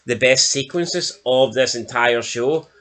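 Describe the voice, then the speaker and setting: A man's voice: mid-range voice, slow, fairly bright tone. A Scottish man giving a blunt, sweary, mocking TV review in casual chat. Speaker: show reviewer.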